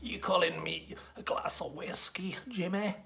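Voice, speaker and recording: A man voicing an aggressive Scottish street tough with a put-on Scottish accent, pitched well above his own voice. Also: steady tone, a little slow, creaky, sharp tone, heavily acted. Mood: confrontational. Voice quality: aggressive and confrontational.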